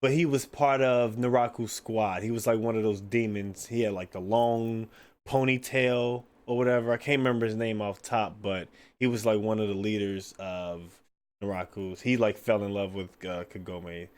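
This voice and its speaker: A man hosting his own podcast, chatting casually in a loose, excitable way, swearing freely and filling his talk with "like" and "man". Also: fairly low pitch, normal speed, smooth. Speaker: podcast host. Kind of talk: casual solo podcast chat.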